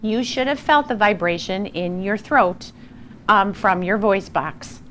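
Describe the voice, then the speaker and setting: A woman teaching a phonics lesson to young children, slow and encouraging, sounding out words with exaggerated care. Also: mid-range voice, a bit bright, slight background noise. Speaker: primary school teacher.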